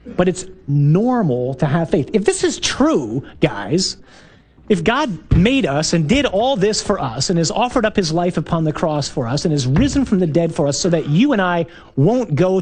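Emphatic priest giving a lively talk. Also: male voice, high-pitched. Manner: emphatic, animated preaching with rhetorical questions. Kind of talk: talk to a parish men's group.

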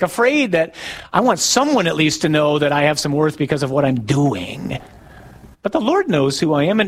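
A man delivers a sermon as a priest. His voice sits a touch high, and he keeps it loose and conversational, asking the congregation questions and laughing at his own stories. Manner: conversational, asks the congregation questions, tells jokes.

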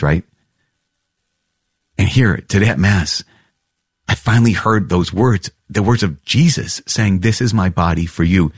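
A man hosting a podcast, reading and reflecting on catechism paragraphs with earnest, animated storytelling. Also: fairly low pitch, husky, no echo, studio quality. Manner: earnest, animated storytelling with laughs and repeated phrases. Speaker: priest podcast host.

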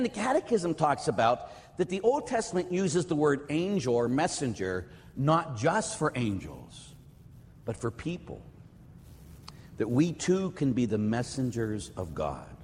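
Animated priest preaching in an echoing hall. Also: male voice, on the high side, a little hiss or hum. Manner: blunt, animated, acts out callers' voices. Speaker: priest and radio call-in host. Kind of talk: lively sermon with storytelling.

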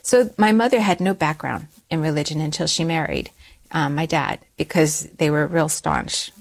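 A middle-aged woman telling a personal story in an interview, animated and often restarting her words, jumping higher when she quotes herself. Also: normal speed, gravelly. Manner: animated, rises high when quoting herself; frequent restarts and repeated words.

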